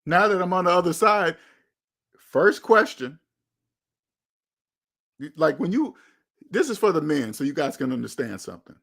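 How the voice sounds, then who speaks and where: A man's voice: fairly high pitch, sing-song, normal speed, gravelly, pauses often, fairly bright tone. A man, hosting his own channel and giving blunt, emphatic advice in a candid monologue, often repeating phrases for stress. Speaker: channel host.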